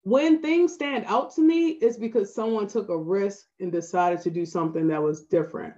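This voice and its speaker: A photographer guest with a Baltimore accent offers practical advice during a relaxed podcast interview, earnest and often tossing in "right?" to check in with her listener. Her pitch is medium and her pace moderate, in a slightly dull, lo-fi recording.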